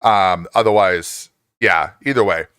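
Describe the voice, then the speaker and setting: A man in his forties casually chatting with viewers on a live stream, reading their messages, laughing often and jumping up in pitch when excited. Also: unhurried, clear, resonant tone, no room sound, studio quality.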